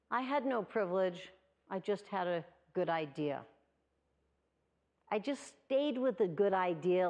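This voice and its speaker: Gravelly-voiced woman in her sixties. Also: lowish voice, a little mellow. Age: 60s. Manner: earnest, storytelling. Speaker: award speaker. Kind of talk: prepared speech.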